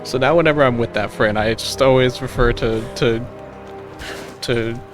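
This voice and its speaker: A man's voice: mid-range voice, moderate pace, music in the background. Rambling American streamer, man. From United States. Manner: rambling, restarts often, swears casually, laughs easily. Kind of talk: casual gaming chat.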